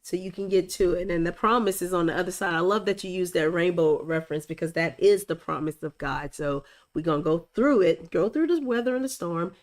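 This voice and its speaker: A woman's voice: on the low side, fairly quick, few pauses. A middle-aged woman hosting a faith-based interview show over a video call, effusive and encouraging, closing with a blessing. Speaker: host. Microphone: streamed video call.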